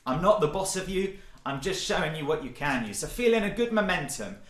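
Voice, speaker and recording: A man leading an online singing warm-up, encouraging and cheerful, often breaking into loud demonstration sounds. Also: on the high side, big pitch swings, a little fast, roomy sound. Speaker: singing workshop leader. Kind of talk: online vocal warm-up session.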